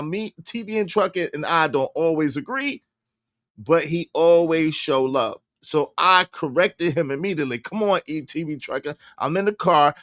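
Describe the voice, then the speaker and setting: An animated man hosts a livestream from inside his car, his voice high-pitched. He talks loosely and repeats himself as he shouts out viewers. The recording is dry and close. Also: no echo. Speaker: livestream host. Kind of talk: casual livestream commentary.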